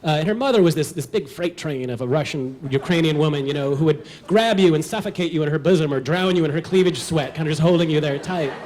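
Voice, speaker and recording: A man's voice: on the high side, fast, few pauses, darkish tone. Wry man telling a comic story on stage. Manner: wry, comic, self-deprecating. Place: stage at a live storytelling show.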